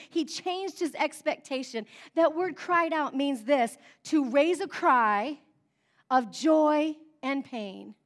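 A woman preaching a sermon, with call-and-response amens, who swings between soft, chatty asides and fervent cries. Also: sits high. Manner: rises to fervent cries, then drops soft and conversational; repeated call-and-response "amen?".

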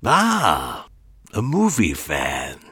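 A frail, creepy old man, as an audiobook narrator puts him on growls each word in a throaty rasp. He speaks slowly and grandly, with a deep, dry sound and a voice that swoops up and down. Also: wildly swooping pitch, fairly bright tone, no room sound, heavily acted. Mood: eerie, theatrical. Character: frail, eerie thin old man, theatrical. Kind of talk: audiobook character voice.

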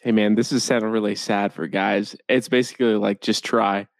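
A man's voice: fairly low pitch, steady tone, normal speed, dry recording. A young man co-hosting a podcast, chatting casually with a dry, joking manner. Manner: dry, joking, puts on goofy voices. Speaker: podcast co-host. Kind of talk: casual comedic chat.

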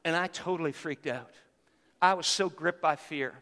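A man's voice: on the high side, moderate pace, bright, forceful tone, in a large hall. A man in his fifties preaching a fervent sermon as pastor, repeating phrases for emphasis.

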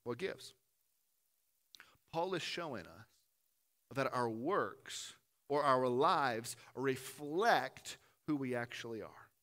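Bright-voiced man preaching with swings in volume. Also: animated, slow pace, pauses often. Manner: earnest, swings from loud emphatic peaks to soft low asides. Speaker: pastor. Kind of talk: sermon. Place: church room with a gathered congregation.

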